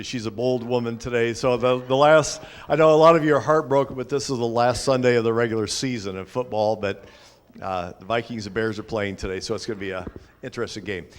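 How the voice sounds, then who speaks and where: A man pastor talks casually to a small congregation from a church sanctuary. His speech is chatty and halting, full of restarts and filler sounds, in a plain mid-pitched voice. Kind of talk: informal sermon with congregation sharing.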